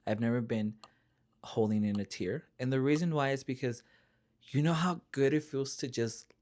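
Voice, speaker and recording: A man's voice: medium pitch, normal speed, darkish tone. A man co-hosting a casual chat, telling a personal faith story earnestly and dropping to a near-whisper when he quotes. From Spanish-speaking family background. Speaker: podcast co-host.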